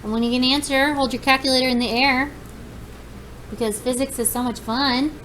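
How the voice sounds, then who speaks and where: Upbeat high-voiced woman teacher. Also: fairly even intonation, fairly quick, a bit bright, a little hiss or hum, poor audio. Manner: upbeat, encouraging, talks students through steps. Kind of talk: classroom lesson.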